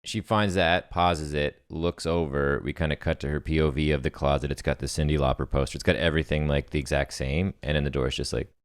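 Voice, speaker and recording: A man brainstorming a horror short in casual chat and reading a script aloud, thinking out loud with many fillers. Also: rumbling low, fairly even intonation, brisk, few pauses, smooth, no room sound, clean studio sound. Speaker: co-host writing a script.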